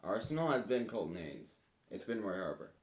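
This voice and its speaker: A man's voice: on the low side, big pitch swings, brisk. A man chatting casually on a podcast, thinking aloud hesitantly with many fillers. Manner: hesitant, lots of "like".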